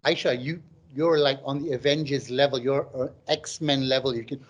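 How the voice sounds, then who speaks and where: A man's voice: medium pitch, fairly even intonation, normal speed, muffled recording. A middle-aged man doing stand-up comedy on a live online stream. He chats and jokes and reads out viewers' comments. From Malaysia.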